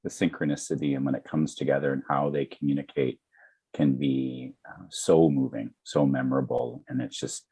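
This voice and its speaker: A man's voice: rumbling low, steady tone, moderate pace, mellow, breathy edge. A middle-aged man, a psychic medium, talking earnestly and reflectively over a video call. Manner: earnest, reflective, many fillers. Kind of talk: conversational guest talk.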